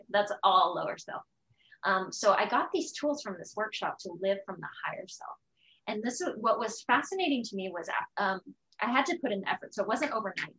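A woman's voice: mid-range voice, low-quality recording. A woman guest on a podcast, speaking openly and with animation, often acting out the harsh voices in her head. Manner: open, animated, acts out her inner voices. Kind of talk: candid conversational interview.

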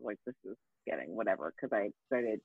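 A woman's voice: very deep voice, brisk, slightly rough, no room sound. A woman tells a story in loose, casual talk. Her voice swings widely, and she swears often and restarts her sentences. The sound is thin, dry and tinny, like a phone line. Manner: animated, profane, frequent fillers and restarts. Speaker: guest.

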